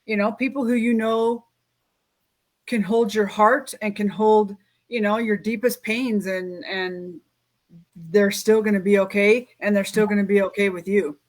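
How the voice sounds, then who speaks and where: A woman's voice: mid-range voice, fairly even intonation, a little slow, darkish tone. A woman hosting a casual conversation, speaking earnestly and reflectively with frequent restarts. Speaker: host. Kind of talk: casual interview chat.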